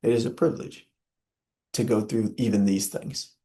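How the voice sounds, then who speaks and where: A man's voice: lowish voice, fairly even intonation, moderate pace, warm tone. A young man, speaking as an interview guest in an earnest, preacherly way with many filler "uh"s. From Southern US. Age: young adult. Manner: impassioned, preacherly, frequent filler "uh".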